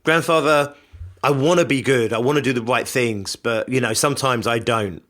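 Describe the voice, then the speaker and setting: A man's voice: medium pitch, moderate pace, a bit bright, natural voice. A man putting on an earnest young grandchild.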